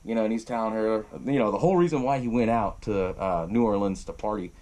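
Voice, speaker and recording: A man hosting a podcast, recapping a film in a casual, profane, animated way and laughing often. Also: on the low side, fast. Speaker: podcast host.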